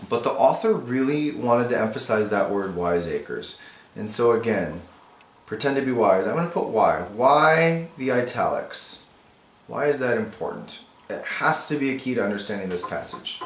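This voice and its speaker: Male teacher, mid pitch, talks students through his notes casually; echoey room. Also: very animated, moderate pace. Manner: thinking aloud, casual and explanatory. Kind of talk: annotating a text for students.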